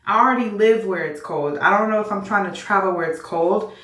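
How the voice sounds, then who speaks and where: Woman, 30, beauty vlogger, casual, bubbly, self-hyping, mid-pitched, a bit distant from the mic. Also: brisk, a bit bright. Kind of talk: casual makeup tutorial chat. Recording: roomy echo, a bit off-mic.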